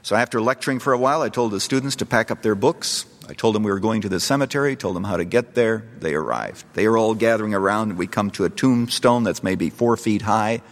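Middle-aged male preacher, animated pitch, storytelling sermon, long hall reverb. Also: fast, hardly any pauses. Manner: storytelling, rising to loud impassioned appeals. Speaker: pastor.

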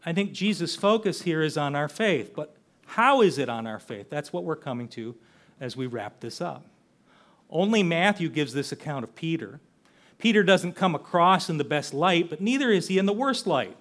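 A man's voice: a little high, lively intonation, normal speed, fairly bright tone. An older man preaching a sermon, earnest and conversational, often asking rhetorical questions. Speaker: pastor.

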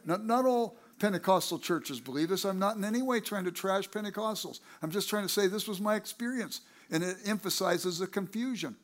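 High-voiced man preaching a story. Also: brisk. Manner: animated, acts out quoted people with a raised voice; conversational, self-correcting asides. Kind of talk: sermon with personal storytelling.

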